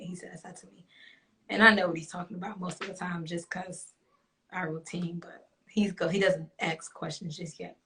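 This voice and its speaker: A woman's voice: on the low side, fairly even intonation, moderate pace, a bit bright. A young woman hosting a talk show, chatting bluntly with an audience, swearing freely and laughing often. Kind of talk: casual chat to a live audience.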